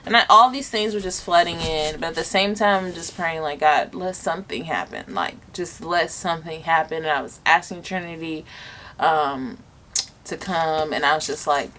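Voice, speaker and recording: A woman's voice: sits low, expressive, normal speed, a bit bright, a little hiss or hum. A young woman vlogger telling a personal story in a casual, chatty way, earnest and emotional, filling her talk with "like". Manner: chatty, filler-heavy with lots of "like". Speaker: vlogger and mother.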